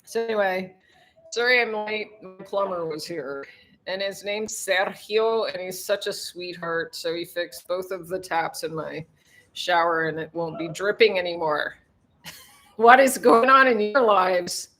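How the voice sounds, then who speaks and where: A woman's voice: fairly low pitch, measured pace, a bit bright. A woman hosting a casual livestream from home, rambling and chatty, laughing often as she greets viewers. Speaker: livestream host, tour guide. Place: home in a tropical town.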